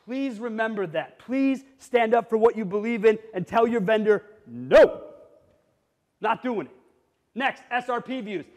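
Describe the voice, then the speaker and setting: A middle-aged man giving an energetic conference talk to a live audience, blunt and jokey, sometimes rising almost to a shout. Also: high-pitched, moderate pace, hardly any pauses, muffled recording. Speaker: conference speaker. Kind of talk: energetic keynote presentation. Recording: reverberant hall.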